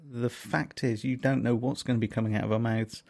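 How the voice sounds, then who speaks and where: A West Country man co-hosting a podcast, chatting in a dry, teasing manner. His voice has a gravelly, fry-edged texture at a middling pitch. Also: steady tone, brisk, a little mellow. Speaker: podcast co-host. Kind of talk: casual comedy podcast banter.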